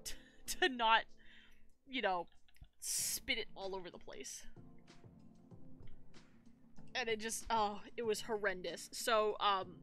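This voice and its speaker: A woman's voice: mid-range voice, measured pace, soft background music. A woman streamer chatting casually and telling a rambling story, with plenty of fillers and restarts. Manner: animated, rambling, lots of fillers and self-corrections.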